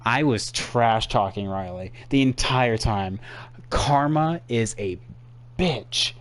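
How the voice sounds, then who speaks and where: A man's voice: mid-range voice, lively intonation, takes it slowly, poor audio. Rambling young man commenting on a race replay. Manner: rambling, self-deprecating, talking to chat. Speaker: gaming streamer. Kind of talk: racing game replay commentary.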